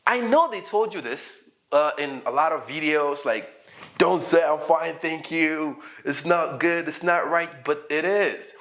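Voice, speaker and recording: A man teaching an English lesson in a playful, animated way, often acting out sample dialogues. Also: on the high side, a little slow. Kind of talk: casual online English lesson.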